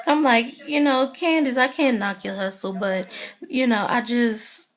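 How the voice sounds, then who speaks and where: A woman casually recapping a TV drama episode in a chatty, animated way, acting out the characters' lines. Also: a little high, moderate pace. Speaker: TV recap vlogger.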